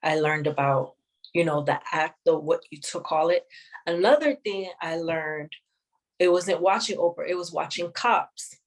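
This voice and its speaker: A woman sharing a personal testimony in an interview, speaking in a measured, reflective way with many pauses. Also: on the low side, rough recording. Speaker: guest sharing her testimony.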